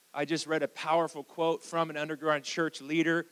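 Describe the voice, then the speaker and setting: A man with an American accent, a pastor preaching a sermon in church and leading prayer, moving between hushed prayer and fervent calls to the congregation. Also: on the high side, little pitch movement, fairly quick, few pauses, clear, resonant tone, in a large hall, poor audio. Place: church sanctuary.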